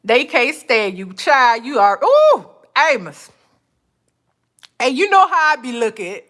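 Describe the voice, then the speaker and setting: Speaking in a high voice, this woman hosts a podcast and talks through an easygoing monologue rooted in faith. Lively and quick to break into laughter, she calls her audience "honey" and "child."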